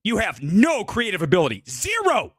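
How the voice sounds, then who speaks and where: On a live-streamed movie show, a male host unleashes an angry, profanity-filled rant at a producer. His very high, sing-song voice is bright and forceful yet unhurried, captured in clean studio audio with no room sound.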